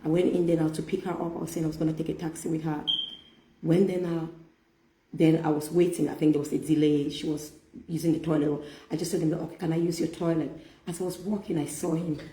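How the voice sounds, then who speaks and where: A middle-aged woman telling a personal story in a casual faith-based chat, animated and often laughing as she quotes herself. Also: sits low, fast. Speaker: host. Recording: echoey room.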